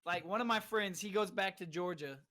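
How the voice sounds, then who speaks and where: High-voiced man telling a lively story. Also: brisk. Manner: animated, quoting friends. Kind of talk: casual storytelling.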